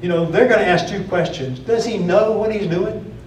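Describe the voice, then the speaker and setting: A man's voice: high voice, moderate pace, slight background noise. A man preaching a sermon in a church, plainspoken, often repeating and restarting phrases. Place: church auditorium. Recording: echoey room from far off.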